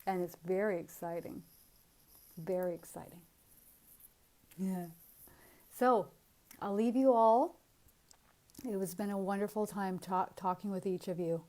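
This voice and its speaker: Animated woman medium telling stories. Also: medium pitch, unhurried, pauses often, low-quality recording. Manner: animated storytelling, frequent laughs. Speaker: spiritual medium. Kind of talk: casual spiritual talk.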